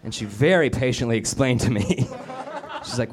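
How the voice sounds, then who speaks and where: A man from Denver doing a sarcastic stand-up comedy set on stage with a handheld mic, often slipping into quick put-on voices. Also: medium pitch. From Denver, Colorado. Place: comedy club stage with a laughing audience. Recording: live club recording with audience noise.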